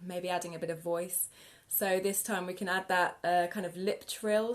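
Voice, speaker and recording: A woman singing teacher guiding a live vocal warm-up lesson with gentle, encouraging instructions. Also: fairly low pitch, flat delivery, moderate pace, few pauses, slight background noise. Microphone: live video stream.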